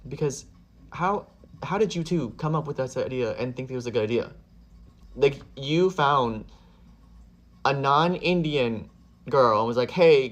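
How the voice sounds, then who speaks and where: A man commenting bluntly on a video, exasperated and sometimes swearing. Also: medium pitch. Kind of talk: casual commentary.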